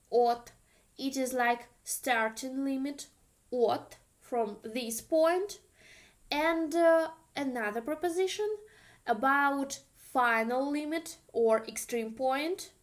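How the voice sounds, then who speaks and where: A woman with a Russian accent teaching an online language lesson, patiently repeating example phrases for learners. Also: high voice.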